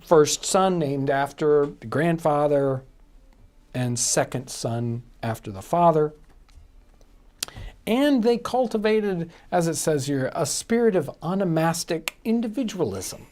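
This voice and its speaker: A man's voice: on the high side, expressive, slow pace, a little mellow. A man hosting a casual live stream chat, rambling along with restarts, fillers and laughs.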